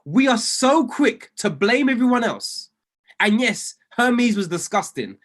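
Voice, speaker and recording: Very animated yet measured in pace, this man coaches traders with a motivational talk in a fairly bright tone. His pitch rises and falls constantly, and he shapes every point into a story, hammering it home with preacher-style repetition and emphasis.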